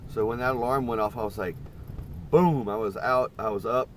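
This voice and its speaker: A man's voice: medium pitch, normal speed, a little hiss or hum. A middle-aged man chatting casually and rambling to his viewers on a live stream from inside a parked camper van. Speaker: vlogger.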